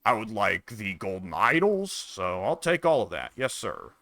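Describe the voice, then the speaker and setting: A man's voice: lowish voice, very animated, normal speed, gravelly, bright, forceful tone, no echo. A man casually commenting on his own strategy game, musing and wry, talking half to himself. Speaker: gameplay commentator.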